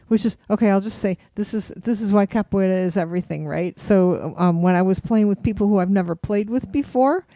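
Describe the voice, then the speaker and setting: A woman's voice: on the low side, vocal fry, warm tone, dry recording. A middle-aged woman from the Chicago area with a Chicago accent, co-hosting a casual chat show and rambling with many restarts. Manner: chatty, rambling, lots of restarts and fillers. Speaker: podcast co-host.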